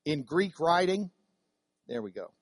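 A woman's voice: low-pitched, big pitch swings, measured pace, no room sound. Woman lecturing a bible class, rambly with lots of uhs, dry close sound. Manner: chatty, digressive, with many fillers and restarts. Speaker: Bible teacher.

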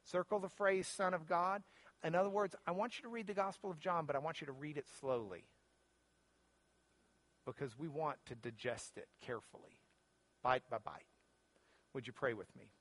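Male Bible teacher, sermon delivery, slightly high voice, dry close sound. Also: normal speed, pauses often, a bit bright, no room sound.

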